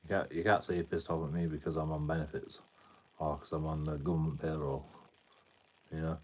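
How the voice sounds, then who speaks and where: A man's voice: rumbling low, fairly even intonation, a little fast, slightly rough. A British man live streaming, arguing with his chat in a combative tone, swearing a lot and repeating himself. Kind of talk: ranting at chat on a livestream.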